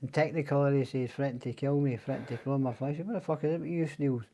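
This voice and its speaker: An older Scottish man talks in a loose, rambling storytelling way, swearing freely and acting out the voices of the people in his tales. His tone is dark and mellow, with nothing bright or sharp in it. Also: mid-range voice, steady tone, racing, a little hiss or hum. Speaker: podcast guest. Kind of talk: casual storytelling.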